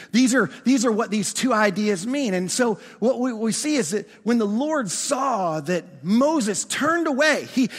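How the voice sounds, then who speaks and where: A man preaching a sermon as pastor, animated, often restarting words and asking his congregation questions. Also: extremely high pitch, long reverb tail.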